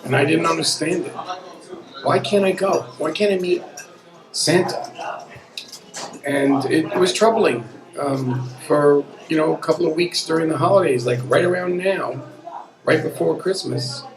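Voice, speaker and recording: In an echoey pub room hosting a live storytelling night, a man in his fifties recounts a personal story over music and audience murmur. His fairly high voice keeps a measured pace, earnest and conversational but with a wry edge.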